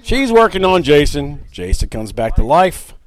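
A man co-hosting a casual podcast, recapping a horror movie in a rambling, halting way with lots of restarts. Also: fairly high pitch, big pitch swings. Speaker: podcast co-host.

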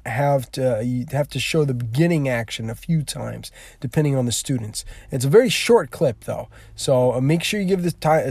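A man's voice: mid-range voice, mellow, no room sound. A male teacher explaining a classroom activity in a rambling way, with many fillers and restarts.

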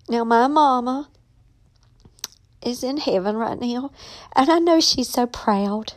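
A woman's voice: high voice, unhurried, long pauses. A middle-aged woman author, talking casually and emotionally, sometimes tearful and dropping to a whisper. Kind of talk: casual personal vlog.

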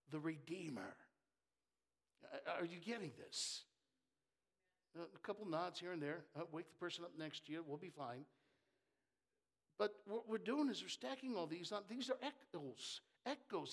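Male preacher, high voice, animated sermon with loud peaks and quiet asides, jokes with the crowd. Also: normal speed, long pauses. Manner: animated, swings between loud emphasis and soft asides; jokes with the congregation.

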